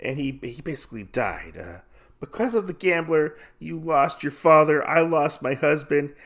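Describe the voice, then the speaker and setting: A man's voice: on the high side, animated, normal speed, fairly bright tone, voice pushed up. A man voicing a grieving young widow who blames a gambler for her loss. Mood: bitter grief. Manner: lamenting, accusing.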